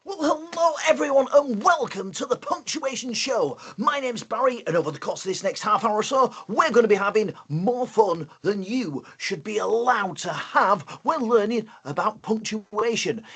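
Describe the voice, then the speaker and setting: A man's voice: sits high, expressive, normal speed, few pauses, a bit bright, breathy edge. A man hosting a live online punctuation lesson for schools, upbeat and playful. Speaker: host and teacher.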